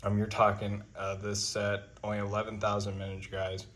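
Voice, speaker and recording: A man hosting a coin-collecting video channel, talking casually to camera in a relaxed, rambling way, with many ums and uhs. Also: on the low side, moderate pace.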